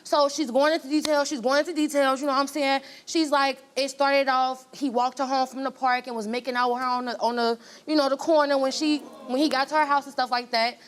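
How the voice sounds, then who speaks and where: A woman's voice: sits high, fairly quick, hardly any pauses. A woman, a talk show guest, telling her story with feeling and acting out the quoted voices. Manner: animated, acts out quoted voices.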